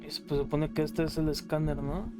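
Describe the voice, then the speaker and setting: A man's voice: fairly high pitch, steady tone, fast, over music. A man with a Mexican Spanish accent giving crude, joking commentary while he plays a video game. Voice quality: crude, joking, talks to himself. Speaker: gameplay streamer. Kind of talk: casual gameplay commentary.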